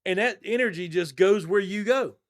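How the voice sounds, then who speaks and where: Animated, blunt man. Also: sits high, normal speed. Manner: animated, blunt, jokey with mild cursing. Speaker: dog training company owner, guest. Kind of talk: energetic podcast interview.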